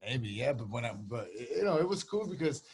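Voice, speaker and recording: A man's voice: mid-range voice, sing-song, moderate pace, darkish tone, slightly rough. A man telling a story in a laid-back way, cursing freely and acting out both sides of the exchange. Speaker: guest, pro boxer. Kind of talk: casual storytelling chat.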